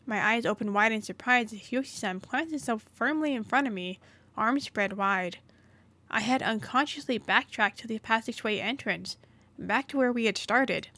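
A woman's voice: a little high, normal speed, bright, forceful tone, dry recording. A woman hosting a gaming channel, reading a story game's narration aloud with occasional asides.

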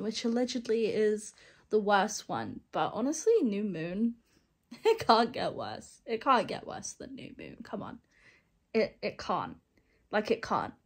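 A woman's voice: fairly high pitch, darkish tone, breathy edge. A young woman in a casual book vlog, candid and sarcastic, laughing often. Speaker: book vlogger. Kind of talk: casual reading vlog chat.

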